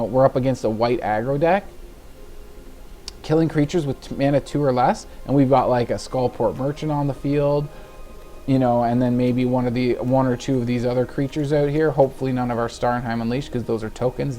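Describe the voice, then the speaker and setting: A man in casual, rambling commentary as he walks through a card game deck and plays, laughing at his own slips and sounding a little tired. His voice sits at an ordinary middle pitch. Faint music plays quietly behind him. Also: vocal fry. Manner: rambling, chatty, laughs at himself. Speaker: gaming video host.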